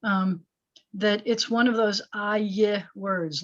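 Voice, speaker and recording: A woman's voice: medium pitch, fairly even intonation, slow pace. A woman rabbi teaching a Hebrew lesson online, explaining patiently and asking her students questions. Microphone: video call. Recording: slightly dull video-call audio.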